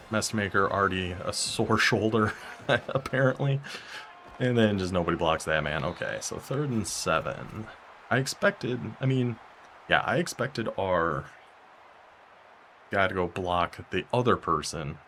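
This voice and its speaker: A young man commentating his own football video game as he plays, talking to himself and reacting with sudden excitement and frustration. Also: low-pitched, slight background noise. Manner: talks to himself while playing, quick bursts of excitement and frustration. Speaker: gaming YouTuber. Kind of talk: live gameplay commentary.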